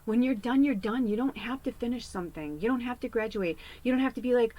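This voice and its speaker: A woman's voice: a little high, fast, lo-fi sound. A woman psychic medium telling a personal story in a casual, rambling way, swearing freely.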